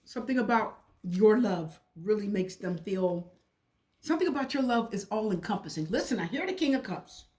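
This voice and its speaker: A woman's voice: medium pitch, expressive, moderate pace, darkish tone. A woman giving a casual, repetitive and emotional tarot reading. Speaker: tarot reader.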